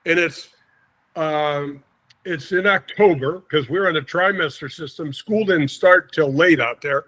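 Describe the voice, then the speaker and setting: A man in his sixties from St. Louis, a podcast guest telling an animated anecdote and acting out the quotes. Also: a little high, a little slow. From St. Louis, USA. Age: 60s. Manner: lively storyteller, acts out quotes, chuckles often.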